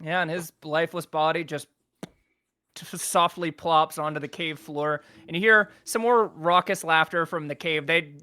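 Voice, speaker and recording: A man's voice: on the high side, steady tone, normal speed, sharp tone. A man narrating as game master, loose and chatty, full of "like" and laughter. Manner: loose, laughing, many fillers.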